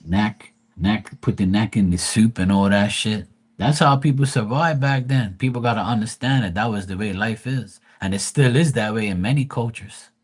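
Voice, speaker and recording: Husky-voiced man rambling with profanity. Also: fairly low pitch, normal speed. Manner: profane, rambling, animated quoting of family. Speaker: livestream host. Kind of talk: casual storytelling on a livestream.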